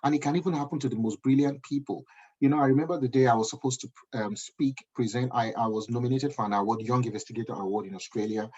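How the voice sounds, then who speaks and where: Fast and slightly mellow with a breathy edge, this medium-pitched man in his thirties speaks with a Nigerian accent. As a guest speaker he gives a forceful motivational talk, often pausing to ask "do you understand?" The recording is dull and lo-fi.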